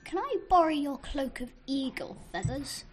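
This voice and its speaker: A woman's voice: high voice, animated, normal speed, pitched above the performer's own voice. A woman voicing a cunning male trickster god in a storybook, pleading in a whiny way.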